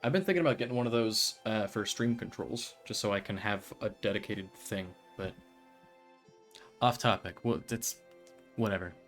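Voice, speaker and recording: A man's voice: fairly low pitch, moderate pace, soft background music. Rambling, joking male game streamer. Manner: rambling, joking, with sudden loud excited bursts; self-deprecating, stumbles over words. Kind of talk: casual game-stream commentary.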